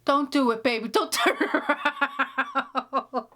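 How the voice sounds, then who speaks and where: Gushing older mom, as a woman puts her on, swooning, high raised voice, breathless delight. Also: slow, bright, forceful tone, full character voice. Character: doting older mother, swooning over handsome actors.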